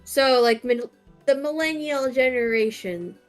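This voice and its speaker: A woman in her thirties chats at a leisurely pace while streaming a game, her voice sitting somewhat high. Her talk is relaxed and storytelling in manner. Soft music plays quietly beneath her. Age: 30s. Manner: unhurried, chatty storytelling.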